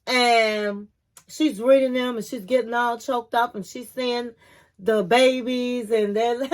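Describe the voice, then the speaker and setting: A high-voiced woman recaps a reality show in a casual, chatty way. She is opinionated and tells the story with lively expression, talking straight to her viewers. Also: measured pace.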